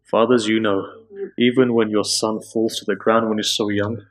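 Impassioned male preacher. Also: level tone. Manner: builds to high, impassioned pleading in stories; slow, drawn-out emphasis. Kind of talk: emotional religious sermon.

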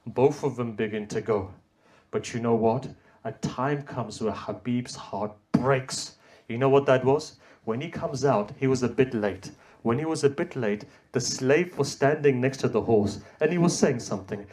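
A man giving an impassioned mourning sermon, swinging between loud cries and hushed tones and using Arabic religious terms. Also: mid-range voice, normal speed. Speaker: religious reciter.

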